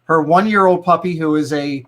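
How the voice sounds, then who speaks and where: A middle-aged man chats easily on a livestream, telling stories with a chuckle. His voice sits quite high for a man. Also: normal speed, fairly bright tone. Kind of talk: casual chat.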